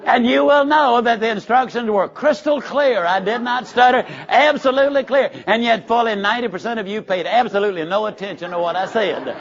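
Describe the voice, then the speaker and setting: A man's voice: sits high, normal speed. A man giving a live motivational speech, telling folksy stories with jokes and instructions for the audience. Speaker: motivational speaker. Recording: dull lo-fi recording.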